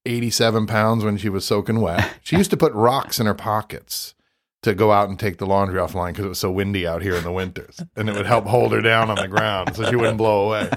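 A man's voice: fairly low pitch, fairly even intonation, fast talker. A middle-aged man telling rambling local anecdotes in casual conversation, full of fillers. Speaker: local storyteller guest.

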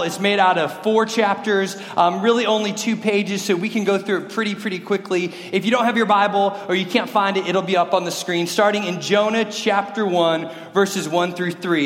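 A man with a high voice preaches a sermon, chatting and joking with the congregation. He is middle-aged, and the room around him is roomy, with a long ringing reverb like a church sanctuary. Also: moderate pace, a bit bright. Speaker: pastor.

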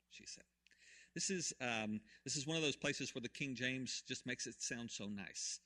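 A man preaching a sermon, retelling a story with swings from hushed to loud. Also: medium pitch, normal speed. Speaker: pastor.

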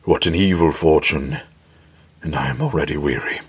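A man voicing a weary old male wizard who stands his ground, speaking low and gravely and rising to commanding calls. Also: normal speed, heavily acted.

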